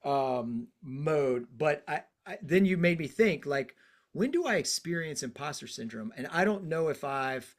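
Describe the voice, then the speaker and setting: Guy hosting a podcast, kinda higher voice, thinks out loud, easygoing. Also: lively intonation, a little slow. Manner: reflective, talks things through with casual fillers. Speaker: podcast host. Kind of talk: casual podcast conversation.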